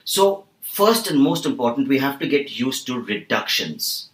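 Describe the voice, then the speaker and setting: Man as the accent coach guest, calm and measured, medium pitch, roomy echo. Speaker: voice and accent trainer. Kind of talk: explaining in a podcast interview.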